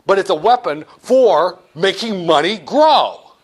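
Male lecturer, high voice with wide swings, animated and jokey in a classroom. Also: a little slow. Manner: animated, joking, acts out dialogues with students. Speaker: economics lecturer.

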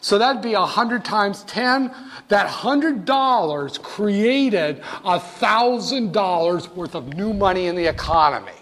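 Male instructor, high-pitched, lively and joking, lecturing a class directly. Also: takes it slowly. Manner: jokey, animated, talks straight to students.

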